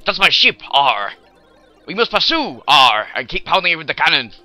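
A man putting on a loud blustering pirate captain. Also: on the high side, big pitch swings, faint music behind, heavily acted. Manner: loud, drawn-out pirate "R" growl. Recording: dull lo-fi recording.

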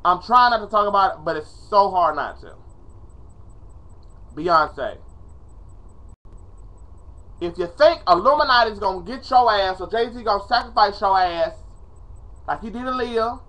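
A man's voice: sits high, lively intonation, measured pace, long pauses, pushed and bright, highs cut off. A man ranting in a casual vlog, dramatic and profane, pleading in exasperation, recorded on a webcam at home. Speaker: vlogger. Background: faint music playing.

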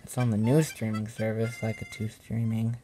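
A man's voice: fairly low pitch, flat delivery, normal speed, dark tone, soft background music. A man acting a home-made skit in a casual, mumbling way, with frequent sighs.

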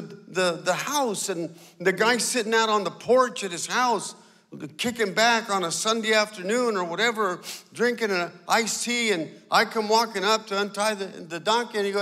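A man preaching a sermon as a guest pastor, telling stories and acting out small scenes, sometimes dropping to a hushed, pleading tone. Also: high voice, normal speed, big-room sound. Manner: storytelling, acting out little scenes. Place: church sanctuary.

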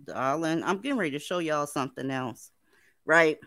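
A woman's voice: sits low, animated, moderate pace, a bit bright, dry recording. Blunt sardonic woman, dry close sound. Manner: blunt, sardonic, chatty with viewers. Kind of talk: livestream commentary.

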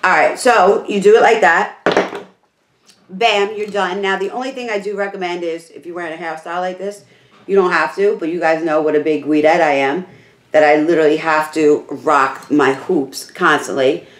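A chatty beauty vlogger, a woman with a lowish, slightly worn voice, talks through a hair tutorial in an easygoing, rambling way. Her words bounce around a roomy, echoey room. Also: fairly even intonation, moderate pace. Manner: chatty, rambling, full of "like" and "literally". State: losing her voice.

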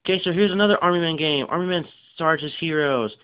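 Speaking casually and without a script, a tired man presents pieces from his game collection, his rushed delivery full of fillers and quick tangents. His voice is smooth and resonant, pitched on the high side. The recording has a dull, lo-fi quality.

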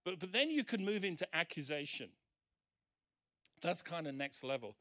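A man's voice: on the high side, sing-song, moderate pace, sharp tone. A male pastor preaching emphatically at a church service, acting out the scripture quotes he reads. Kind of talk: sermon.

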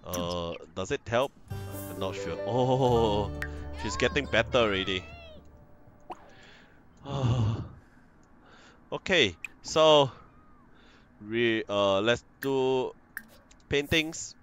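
A man's voice: medium pitch, extremely slow, pauses often, over music. A man hosting a let's play, chatting playfully through casual gameplay commentary and talking to his game characters.

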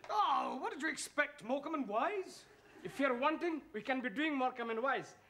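A man's voice: very high voice, expressive, normal speed, exaggerated voice. A man voicing a cheeky male student doing a comedy act in broken English, in a sitcom dub. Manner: broken English, "be -ing" phrasing. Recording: loud background noise.

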